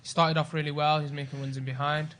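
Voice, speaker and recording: Brisk man, slightly high voice, sharp football analysis. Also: level tone. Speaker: panelist. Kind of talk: casual live-stream chat.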